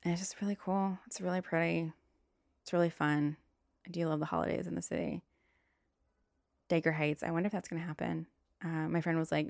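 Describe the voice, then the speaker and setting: A young woman hosting a casual solo podcast, blunt and profane, now and then flaring into shouty rants. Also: lowish voice, fairly quick, dry recording, clean studio sound. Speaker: podcast host. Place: bedroom.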